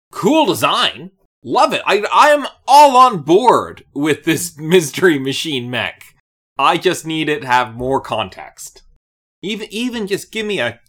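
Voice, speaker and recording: Low-voiced, lively woman podcaster. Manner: animated, laughs often, jumps high when excited. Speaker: podcast co-host. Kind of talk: casual chat reviewing a cartoon.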